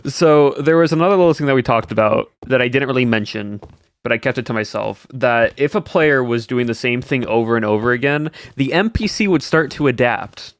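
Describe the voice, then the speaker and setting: A young man streams, chatting casually with his viewers in a rambling way and answering their comments between stories. His voice is medium-pitched and fairly quick.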